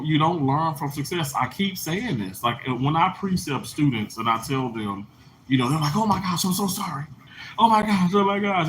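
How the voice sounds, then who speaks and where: Bright-voiced man chatting earnestly to viewers. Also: mid-range voice, a little hiss or hum, low-quality recording. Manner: earnest, rambling, frequent restarts and laughs. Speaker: live-streaming vlogger. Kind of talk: casual chat to viewers. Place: indoors under lights at daybreak.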